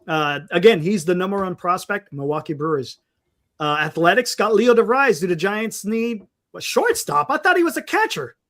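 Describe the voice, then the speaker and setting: This is a man with a fairly high voice, hosting a casual sports talk livestream. He rambles and thinks out loud, trailing off and restarting as he reads names off a list. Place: home livestream setup. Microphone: desktop mic on a live stream.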